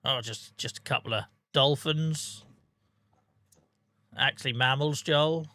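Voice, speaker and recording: Bright-voiced male streamer. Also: medium pitch, takes it slowly, no echo. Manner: jokey banter, reads out and answers chat, laughs often. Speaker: live streamer. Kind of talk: casual live-stream chat over gameplay.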